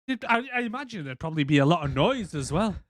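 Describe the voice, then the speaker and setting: A man's voice: a little high, sing-song, fast, no echo, studio quality. A man co-hosting a podcast, ranting in casual, profane chat and slipping into mock voices. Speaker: podcast co-host.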